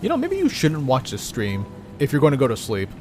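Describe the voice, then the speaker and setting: A man's voice: medium pitch, wildly swooping pitch, a little fast, a little mellow, soft background music. A man streaming a horror game, chatting casually with jokes and reading story text aloud. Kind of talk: let's play commentary and reading aloud.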